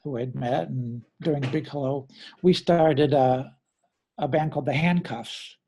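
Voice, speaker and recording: A man's voice: medium pitch, a little slow, gravelly, a little mellow, breathy edge. A middle-aged man, a drummer being interviewed, telling rambling stories in a casual way and often correcting himself. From American Midwest. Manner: rambling, self-correcting anecdotes with acted quotes.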